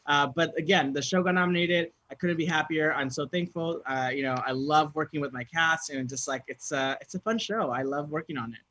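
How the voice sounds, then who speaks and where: A young man from Southern California chatting as a guest, telling stories with lively high-pitched acted-out reactions. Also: fairly quick, few pauses, no echo. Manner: animated storyteller, jumps into high-pitched quoted reactions. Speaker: guest actor. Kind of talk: casual chat.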